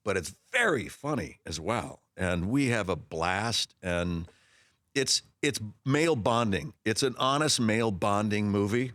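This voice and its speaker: A man in his sixties speaks with a lowish voice, recorded close and dry in the studio. He tells stories with animation, restarts his sentences often and slips into other voices as he tells them. He has a casual, conversational delivery. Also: unhurried, no room sound. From Los Angeles area. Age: 60s. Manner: animated storyteller who acts out voices in his anecdotes; frequent restarts and repeated words. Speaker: actor guest. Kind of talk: casual interview storytelling.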